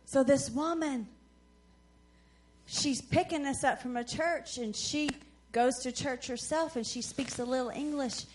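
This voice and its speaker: A woman with a high voice preaches at a conference. She tells her stories with animation and acts out the voices of the people in them. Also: slow, long pauses. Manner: animated storyteller who acts out quoted voices. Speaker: conference speaker. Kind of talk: sermon storytelling.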